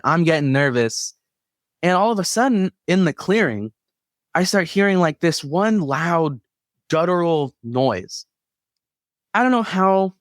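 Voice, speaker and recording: Animated man telling a camping story. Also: on the high side, no echo, studio quality. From Kansas. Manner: animated, laughs between lines, quotes himself. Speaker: guest telling an encounter story. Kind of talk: casual storytelling.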